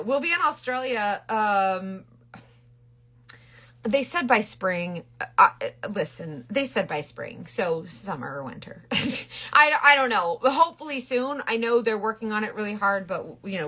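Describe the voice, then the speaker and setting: A woman's voice: medium pitch, animated, normal speed, bright, forceful tone. A middle-aged woman chatting bubbly and rambling on a casual makeup live stream, greeting viewers by name. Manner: rambling with frequent restarts.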